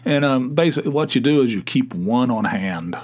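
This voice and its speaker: A middle-aged man with an Appalachian accent, hosting his own podcast in a rambling, halting way with many fillers and restarts. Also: mid-range voice, animated, a little mellow. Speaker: podcast host. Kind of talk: casual solo podcast monologue.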